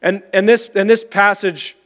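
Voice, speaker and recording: A man with a high voice preaches a sermon, lively and chatty, slipping into acted voices as he tells stories. His words ring out with a long reverb across a large church hall. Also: normal speed. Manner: animated, conversational, acts out voices. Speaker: pastor.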